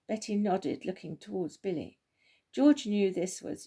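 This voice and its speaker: A woman reading a children's story aloud in a gentle, homely way. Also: mid-range voice, animated, unhurried, breathy edge.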